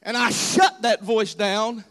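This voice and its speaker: A man's voice: high-pitched, slow, fairly bright tone. A man pastor giving an earnest, dramatic sermon testimony. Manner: earnest, dramatic storytelling preacher.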